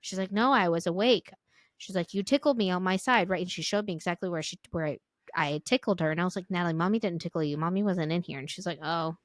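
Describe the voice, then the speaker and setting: A woman's voice: fairly low pitch, fast talker, no room sound. Chatty woman podcaster, dry close mic. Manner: chatty, filler-heavy, animated when quoting. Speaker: podcast co-host. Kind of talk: casual chat, storytelling.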